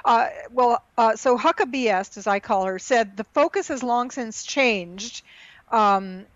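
A woman co-hosting a casual political chat show, animated, reading tweets aloud and laughing at her own slips. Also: on the high side, measured pace, no room sound. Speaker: podcast co-host. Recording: dull lo-fi sound.

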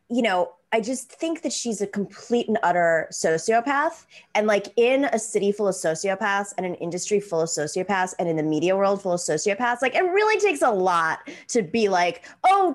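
A woman hosting a political talk show, talking in an animated, rambling and self-deprecating way. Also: mid-range voice.

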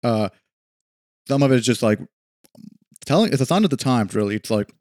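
A man co-hosting a casual political podcast, exasperated and halting, restarting his sentences often. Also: medium pitch, lively intonation, a little mellow, no room sound, studio quality. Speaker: podcast co-host.

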